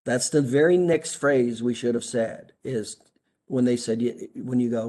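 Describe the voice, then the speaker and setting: A man's voice: medium pitch, fairly even intonation, moderate pace, warm tone. A man coaching chiropractors, critiquing a recorded session in an emphatic way and asking rhetorical questions.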